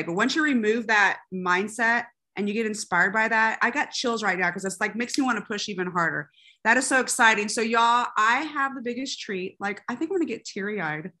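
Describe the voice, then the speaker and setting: Female co-host, gushing and tense-bright. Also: a little high. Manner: gushing, excited, says y'all. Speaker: meeting co-host. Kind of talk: casual introduction.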